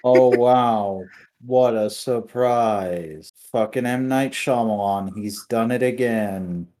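A man co-hosting a casual chat from home, reacting excitably and swearing a lot. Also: mid-range voice, takes it slowly. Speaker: podcast co-host. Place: home late at night.

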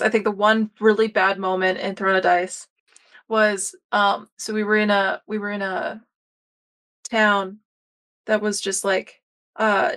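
A young woman hosting a podcast, chatting casually and telling stories in a rambling way with many fillers. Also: medium pitch. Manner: rambling, many fillers and restarts, animated storytelling. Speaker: podcast host. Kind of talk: casual chat.

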